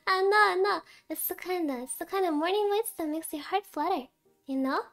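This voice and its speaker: High-pitched, giggly sleepy woman streamer. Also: moderate pace, pauses often, a bit bright. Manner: giggly, cutesy, talks to chat with many laughs. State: sleepy, tired voice. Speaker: VTuber streamer. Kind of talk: casual game stream chat.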